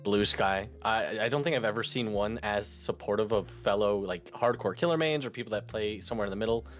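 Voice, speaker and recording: A man's voice: fairly low pitch, fairly quick, soft background music. A man co-hosting a casual interview, mostly agreeing and adding short, friendly remarks. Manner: brief agreeing replies, laughs along.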